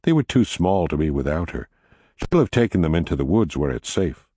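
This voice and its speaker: A man's voice: sits low, sing-song, a little fast, mellow, husky, dry recording, full character voice. A man voicing a kind, patient young farmhand. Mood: gentle. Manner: kind and reassuring.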